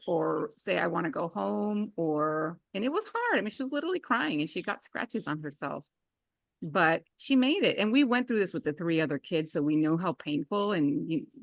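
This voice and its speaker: Brief: woman co-host, 30s-40s, animated storyteller, close dry sound. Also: gravelly, no echo. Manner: animated storyteller, acts out dialogue in a higher voice. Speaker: podcast co-host. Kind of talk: casual chat, storytelling.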